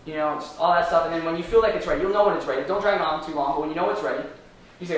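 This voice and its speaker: A man leading a live sales training, energetic and firing rhetorical questions at the room. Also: a little high, very fast. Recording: very echoey room from far off.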